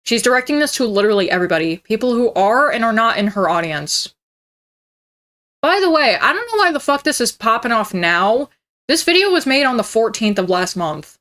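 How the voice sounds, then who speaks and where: Bright-voiced ranting woman in her twenties. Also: on the high side, big pitch swings, brisk. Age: 20s. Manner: profane and heated, mocking. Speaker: streamer. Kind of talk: ranting reaction commentary.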